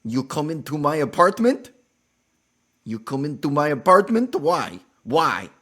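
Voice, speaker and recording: A man's voice: on the high side, sing-song, measured pace, fairly bright tone, voice pushed up, heavily acted. A man doing a pajama-clad neighbor woman with a Russian accent. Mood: indignant. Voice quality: heavy put-on foreign accent, repetitive. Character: irate middle-aged female neighbor in pajamas.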